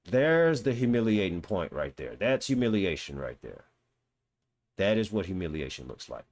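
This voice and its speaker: A man's voice: deep voice, big pitch swings, moderate pace, darkish tone. A man reading a news article aloud and breaking off into blunt, mocking, profane reactions. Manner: blunt, mocking, swears, reads quotes aloud then reacts. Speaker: commentary host.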